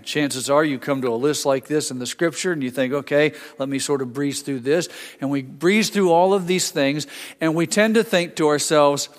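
An older male pastor delivers a sermon in a relaxed, conversational way, often restarting phrases and adding asides. His voice sits slightly high for a man. A long reverb hangs behind every sentence. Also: moderate pace.

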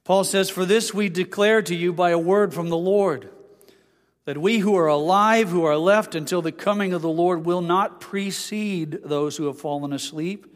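A man's voice: sits high, normal speed. Pastor guy preaching a sermon in a church, voice rings out in a big echoey hall. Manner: expository preaching, reads scripture aloud.

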